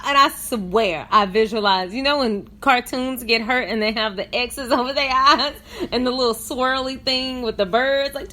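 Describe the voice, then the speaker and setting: A woman hosting a podcast, retelling a funny video in an animated way and breaking into laughter. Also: on the high side, normal speed. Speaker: podcast host. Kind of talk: comedic story recap.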